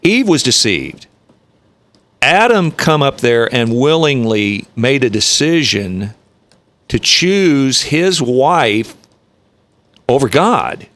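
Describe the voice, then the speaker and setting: A man hosting a live webcast, retelling scripture in an emphatic, preachy way that builds to forceful peaks. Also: medium pitch, big pitch swings, slow pace, long pauses. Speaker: webcast show host. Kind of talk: preachy storytelling chat.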